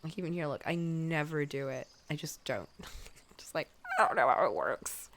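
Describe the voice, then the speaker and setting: A woman's voice: deep voice, expressive, moderate pace, slight background noise. A woman with a cold chats away while she draws on a live stream, coughing now and then. She talks in a loose, casual way and laughs at her own mistakes. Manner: chatty, self-deprecating, laughs often. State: sick, coughing. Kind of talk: casual chat while drawing.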